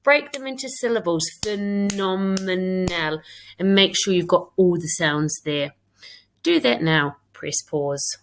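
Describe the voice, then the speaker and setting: A woman's voice: fairly low pitch, expressive, measured pace, creaky, a bit bright. A woman with a British accent, a primary school teacher giving a recorded English lesson to young pupils. She reads her own writing aloud and talks it through step by step.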